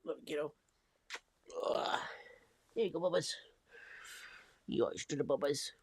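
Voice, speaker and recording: A man hosting a casual live stream, cooing affectionate baby talk and soft murmurs. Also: fairly high pitch, normal speed, creaky, no room sound. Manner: coos affectionate baby talk at a pet cat; soft-spoken, drifting between murmurs and bright calls.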